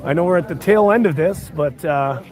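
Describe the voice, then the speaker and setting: A man's voice: on the high side, normal speed, low-quality recording. A man live streaming from an outdoor rally, chatting casually and thanking viewers. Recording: streamed audio with a loud crowd and music.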